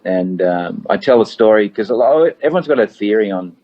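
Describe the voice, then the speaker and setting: A middle-aged Australian man talks in an easygoing, storytelling way, often breaking into laughter. His voice sits on the low side. The recording sounds a little dull and lo-fi. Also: lively intonation, a little fast. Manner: laid-back storytelling with frequent laughs and acted quotes. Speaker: comedian guest. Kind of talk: casual chat.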